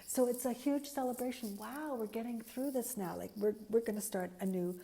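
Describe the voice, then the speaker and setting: A woman's voice: on the high side, moderate pace, creaky, few pauses, mellow. A woman giving an earnest, reflective spiritual talk, searching for words with frequent fillers and restarts. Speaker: spiritual teacher.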